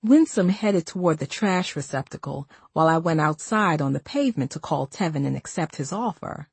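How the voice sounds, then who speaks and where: A woman reading a first-person novel aloud in a steady, conversational way. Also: low-pitched, brisk, husky, no room sound. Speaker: audiobook narrator.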